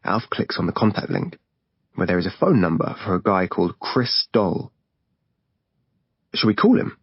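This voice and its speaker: A man narrating an audiobook in a steady, plain storytelling manner. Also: deep voice, normal speed, slightly rough, no room sound. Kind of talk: scripted narration. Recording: dull dry lo-fi recording.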